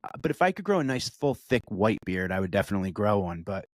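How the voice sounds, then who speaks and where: A man's voice: lowish voice, very animated, fast, no echo. Profane, riffing comedian man on a podcast. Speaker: podcast co-host; stand-up comedian. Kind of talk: casual comedic chat.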